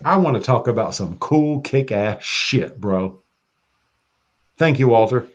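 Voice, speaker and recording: A man talking as a podcast guest, excitable and profane, laughing often. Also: mid-range voice, unhurried. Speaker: guest practitioner. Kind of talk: casual podcast chat.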